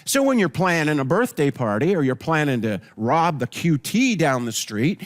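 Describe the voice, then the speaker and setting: Guy teaching a bible counseling class, kinda high voice, super animated, lots of restarts and repeats. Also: moderate pace, hardly any pauses. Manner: explains with many restarts and repeated phrases; animated, reads scripture verses aloud.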